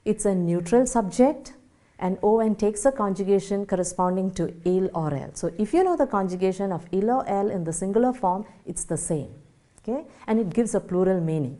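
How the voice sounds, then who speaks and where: Patient mellow Indian English teacher. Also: female voice, medium pitch, expressive, fairly quick. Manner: patient, explains step by step, spells out letters, frequent "okay?". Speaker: French teacher. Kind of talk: spoken language lesson.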